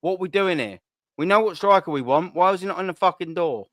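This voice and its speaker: A man in full angry rant, swearing hard and hammering the same questions again and again. His voice sits fairly high and the sound is dry and close to the mic. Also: lively intonation, fast talker, fairly bright tone, dry recording. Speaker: host. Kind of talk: heated fan rant.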